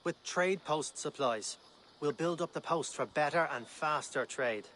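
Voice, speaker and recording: An actor with an Irish accent playing a friendly male fur trapper in a video game, steady and helpful. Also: a little high, unhurried, slight background noise.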